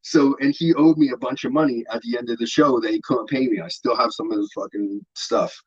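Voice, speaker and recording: A relaxed man in a casual interview, cursing often and wandering through his stories with plenty of fillers. His voice sits at a medium pitch, and the audio is somewhat muffled and lo-fi. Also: fairly quick, breathy edge. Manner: laid-back, profane, rambling with many fillers. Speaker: interview guest.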